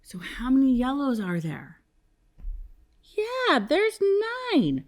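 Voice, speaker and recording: In a TV classroom lesson, a woman teaching kindergarten speaks slowly and deliberately with a highly animated pitch. Her sing-song style invites the little ones to repeat after her, call-and-response fashion.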